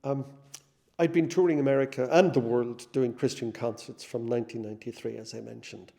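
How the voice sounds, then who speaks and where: A middle-aged man, a singer, telling his personal testimony in a reflective, conversational way, with many pauses and fillers. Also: medium pitch, fairly even intonation, creaky, dark tone.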